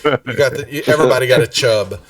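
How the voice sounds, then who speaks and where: A man's voice: mid-range voice, quick pace, over a noisy crowd. A man running a tabletop game as dungeon master, laid-back, with frequent ums. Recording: voice picked up far from the mic.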